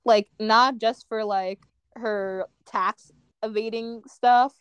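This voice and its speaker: A woman's voice: on the high side, fairly even intonation, slow pace, a bit bright, clear, resonant tone, no room sound, lo-fi sound. A young woman co-hosting a casual podcast, giggly and easygoing, often trailing off mid-thought. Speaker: podcast co-host. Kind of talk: casual chat.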